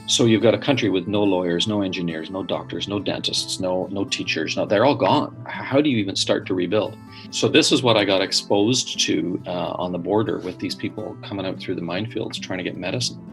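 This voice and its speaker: A man, a podcast guest telling his story in an earnest, animated way with frequent restarts. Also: sits low, fairly quick, gravelly, faint music behind. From Northern Ireland. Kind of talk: storytelling interview.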